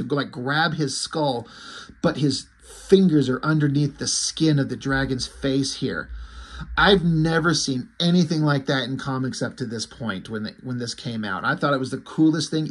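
A man casually recapping a comic book, excited, loose and a bit profane. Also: a little high, slightly rough.

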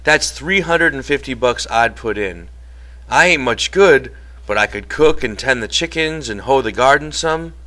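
A worried old ranch hand missing one hand pleads to be let in on the plan, voiced by a man reading an audiobook. He talks in plain, rough rural speech, eager and a little desperate, in a bright, forward tone. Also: medium pitch, animated, moderate pace, pitched above the performer's own voice. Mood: pleading. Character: elderly one-handed male ranch hand, anxious, eager.

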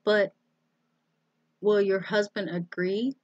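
Prim proper mom, correcting ppl gently, a woman reading. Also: mid-range voice, fairly even intonation, slow pace, no echo, highs cut off.

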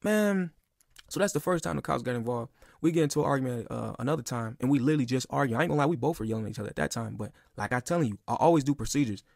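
A man's voice: mid-range voice, very fast, gravelly, darkish tone, no echo, studio quality. A man in his twenties venting in a casual, emphatic, profane monologue that keeps circling back on itself. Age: 20s. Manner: emphatic, profane, repeats himself. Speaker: podcast guest.

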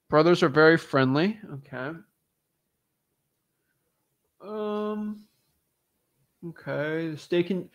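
Browsing listings, a man who wholesales real estate jokes with his audience and talks to himself, animated and casual, for a vlog. His voice sits on the high side, and the studio recording is clean with no echo.

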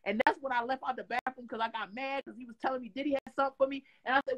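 A woman from Detroit tells her story in a casual interview, with a voice pitched a little high. She talks in an animated, profane way. She acts out quotes loudly. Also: rapid-fire, hardly any pauses, low-quality recording. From Detroit, USA. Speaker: guest.

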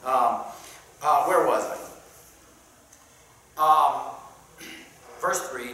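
A Sunday school teacher with a bright, sharp-edged voice talks through a Bible lesson in a casual, halting way, with plenty of "uh"s and questions for the class. The scripture passages come in old King James wording. The voice bounces around a very echoey church room, picked up from well away from the mic with a faint hiss underneath. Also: medium pitch, recorded from a distance. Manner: conversational, asks the class questions, many "uh"s.

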